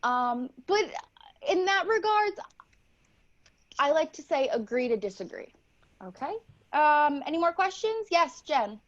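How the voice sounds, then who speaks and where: High-voiced woman doing improv. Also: lively intonation, slow pace, pauses often, dull audio. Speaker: improv player. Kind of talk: improv comedy scene.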